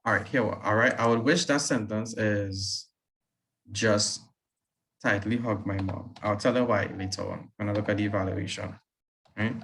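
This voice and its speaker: Low-voiced male teacher critiquing a story. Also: fairly even intonation, a bit bright, low-quality recording. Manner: reads slowly with deliberate pauses, then comments briskly. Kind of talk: reading aloud and critiquing a student's story.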